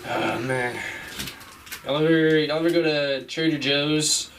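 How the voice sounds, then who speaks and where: A man's voice: fairly high pitch, a little slow, a bit bright, a little hiss or hum. A young man doing a stand-up comedy set, rambling and giggling through his bits, with an audience laughing. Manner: rambling, giggly, trailing off with fillers. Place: comedy club stage. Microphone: stage microphone. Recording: live club recording from a distance.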